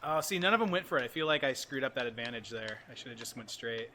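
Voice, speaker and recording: A man hosts a livestream, chatting playfully and making fun of himself as he plays a game. His mid-range voice is bright and pushed, with lively intonation and a fast delivery. There's slight background noise.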